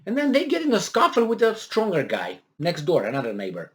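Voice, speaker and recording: A man's voice: sits high, wildly swooping pitch, fairly quick. A man giving casual commentary on a news article, rambling with many fillers and restarts, and acting out the voices he quotes with mock exasperation.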